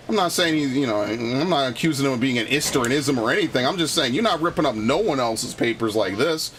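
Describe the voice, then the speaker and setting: This man streams a video game, mixing casual commentary with heated, swear-filled rants and stories that keep restarting. He has a mid-range, fairly bright voice, animated and fairly quick, with slight background noise.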